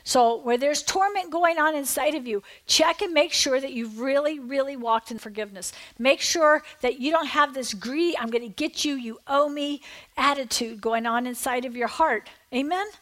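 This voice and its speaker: A woman pastor preaching and reading scripture aloud, animated and digressive, with emphatic asides to the congregation. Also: high voice, normal speed, few pauses.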